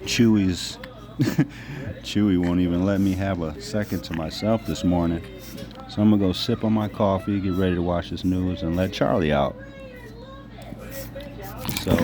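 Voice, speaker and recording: A man's voice: deep voice, a little slow, long pauses. A man hosting a casual podcast, talking in a laid-back, rambling way with casual swearing while he walks his dog through an apartment lobby. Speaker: podcast host. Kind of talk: casual solo podcast chat. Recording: noisy background.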